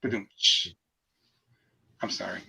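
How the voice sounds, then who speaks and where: A man's voice: slow pace, fairly bright tone, rough recording. A man hosting a live joke stream, bantering casually, mocking himself and adding rimshot noises after punchlines. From half Mexican heritage. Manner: goofy, self-mocking, adds rimshot sound effects.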